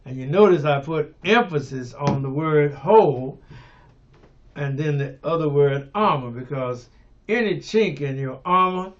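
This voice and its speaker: Slow, fervent older preacher, lo-fi. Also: male voice, on the high side, expressive. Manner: unhurried preaching with many fillers and restarts, rising to fervent emphasis. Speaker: pastor. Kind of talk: radio sermon.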